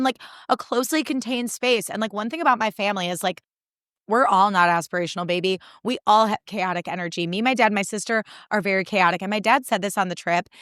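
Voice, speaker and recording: A young woman hosts her podcast, rattling off stories with a casual, exasperated edge and plenty of "like." Her voice is smooth and clear at a middling pitch. The sound is close and dry. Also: a bit bright, dry recording. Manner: chatty, exasperated, acts out quoted people in funny voices; heavy use of "like" as filler. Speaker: podcast host. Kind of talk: casual storytelling monologue.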